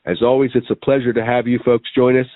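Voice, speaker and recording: A man's voice: medium pitch, little pitch movement, fast, no room sound. A man co-hosting a review show, chatting enthusiastically with his co-host. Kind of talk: casual chat. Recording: dry tinny phone-like line.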